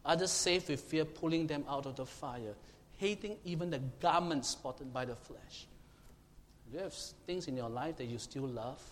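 A man preaching a sermon, emphatic and questioning his congregation, now and then shouting to make a point. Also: fairly high pitch, normal speed. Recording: long hall reverb, faint room noise.

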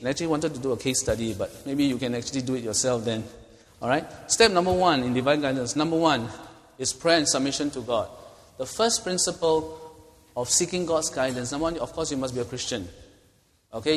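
A man's voice: medium pitch, fairly quick. A middle-aged man, teaching a Bible study as pastor in a conversational way, often checking in with "okay?". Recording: long hall reverb.

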